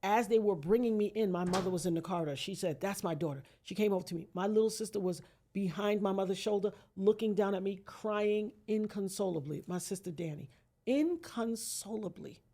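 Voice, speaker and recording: A woman's voice: medium pitch, brisk, dark tone. Woman podcast guest, earnest, vivid storyteller, acts out quotes, mid voice. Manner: earnest, invokes God. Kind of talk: dramatic personal storytelling.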